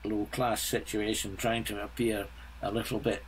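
A man in his seventies, a guest composer, talking bluntly in a halting, restart-filled way in a casual interview. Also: lowish voice, level tone, a little hiss or hum, rough recording. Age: 70s.

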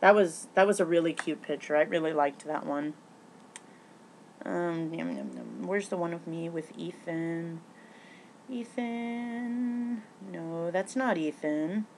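A woman vlogging casually, rambling with many restarts and fillers, breaking into excitable bursts and swearing now and then. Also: lowish voice, takes it slowly, a little hiss or hum.

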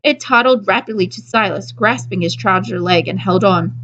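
A woman, a children's librarian, reading a storybook aloud in a gentle, even storytelling manner. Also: mid-range voice, normal speed, dull audio. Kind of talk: storybook read-aloud narration.

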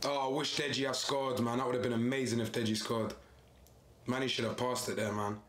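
A young man giving casual, excitable reaction commentary full of slang. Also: medium pitch, brisk, echoey room. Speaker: YouTuber reacting to match footage.

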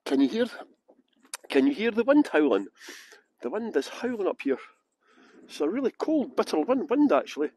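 Scottish man, tour guide, high-pitched, dry close sound, windy hilltop, chatty. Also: sing-song, moderate pace, pauses often, darkish tone, slightly rough, no room sound. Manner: chatty, greets viewers, laughs often. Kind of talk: live-streamed tour chat. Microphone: good external microphone.

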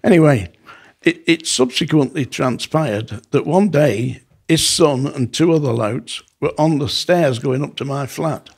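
Gravelly, husky man telling a story. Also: fairly high pitch, measured pace. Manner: animated, acts out quoted dialogue. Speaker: former prison officer, podcast guest. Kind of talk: casual storytelling.

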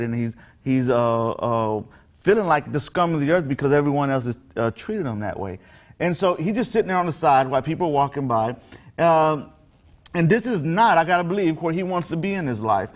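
Earnest, slightly high-voiced male pastor. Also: expressive, moderate pace. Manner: conversational and earnest, with frequent fillers and restarts. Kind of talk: short daily devotional message.

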